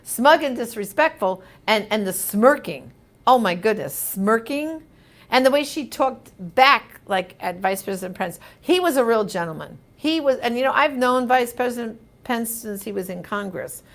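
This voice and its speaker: Animated woman reading viewer comments. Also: on the high side, moderate pace. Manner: animated, emphatic, conversational. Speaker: host answering viewer comments. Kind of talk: casual live comment reading.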